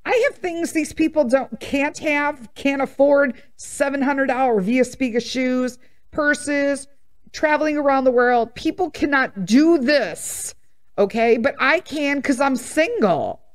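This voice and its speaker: A woman in her fifties hosting a podcast, telling candid stories in a blunt, sassy, animated way. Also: high-pitched, measured pace. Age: 50s. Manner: blunt, animated storytelling with laughs and sass. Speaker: podcast host. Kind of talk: candid casual monologue.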